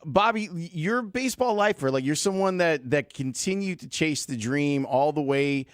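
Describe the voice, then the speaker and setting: A male co-host with a fairly high, expressive voice who asks his guest questions and reads his introduction. The sound is dry and close. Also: moderate pace, dry recording. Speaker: sports radio host. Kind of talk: sports talk radio.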